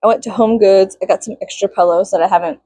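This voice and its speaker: A woman's voice: medium pitch, steady tone, quick pace, warm tone, dry recording. A young woman vlogging casually, venting with lots of swearing and bursts of mock-outraged shrieking.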